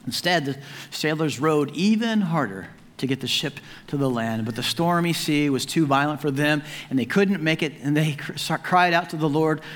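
A man preaching a sermon as pastor in an animated, conversational and humorous way. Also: fairly high pitch. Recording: long hall reverb.

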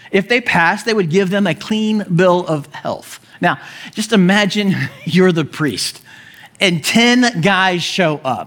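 Animated high-voiced male preacher. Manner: animated storytelling, acting out voices, chuckling. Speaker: pastor. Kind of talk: sermon.

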